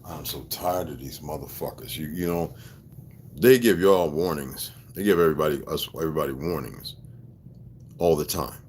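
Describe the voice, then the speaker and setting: A man with a very deep, low-pitched voice speaks straight to his audience in a rambling personal monologue. He swears freely and presses his points hard, with a conspiratorial edge. He keeps checking in with his listeners to ask whether they follow him. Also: normal speed, a little mellow, slight background noise. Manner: profane, emphatic, conspiratorial rant. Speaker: video blogger.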